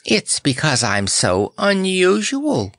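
Nickadoodle, a man doing a high chirpy bird. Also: wildly swooping pitch, slow pace, a bit bright, no room sound, studio quality, exaggerated voice. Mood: chirpy, adoring. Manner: breathy, sighing and chirpy. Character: strange lovestruck pink-feathered bird creature, cheerful.

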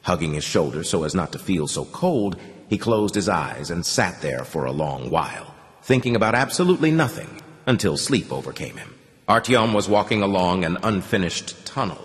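A man narrating an audiobook with a dramatic, expressive reading. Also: low voice, moderate pace, in a large hall. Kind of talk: scripted narration.

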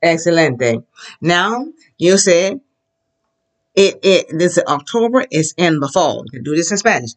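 A lively Spanish teacher leading a classroom lesson, pitch swinging up and down as the teacher drills the class. Each word is modeled slowly and clearly for the students to repeat, with cheerful encouragement throughout. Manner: slows down to model pronunciation.

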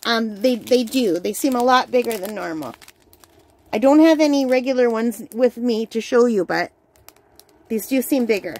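A woman's voice: fairly high pitch, expressive, moderate pace, darkish tone. A woman hosting a crafting channel, chatting casually and enthusiastically at home while unboxing, with the hiccups. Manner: chatty, enthusiastic, easily delighted. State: has the hiccups.

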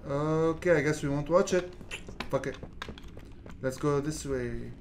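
A gaming channel host giving laid-back let's play commentary, mumbling and swearing, then yelling at the monsters. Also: medium pitch, unhurried, a little hiss or hum.

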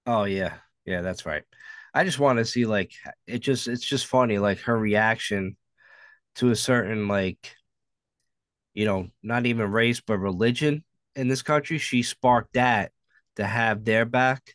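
A man's voice: lowish voice, measured pace, a bit bright, no echo, clean studio sound. A man co-hosting a podcast, joking crudely in casual banter. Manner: crude, joking, laughs often. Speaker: podcast co-host.

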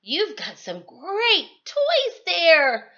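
A woman voicing a kind, gentle male wiener dog who pleads to share toys, in a read-aloud storybook. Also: very high voice, wildly swooping pitch, extremely slow, lo-fi sound, pitched above the performer's own voice, heavily acted. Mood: pleading.

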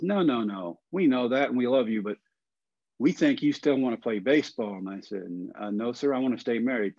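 Man, forties, from Texas, folksy animated storyteller, mid-pitched voice, dry slightly muffled sound. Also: no room sound. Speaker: guest. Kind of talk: storytelling in a podcast interview.

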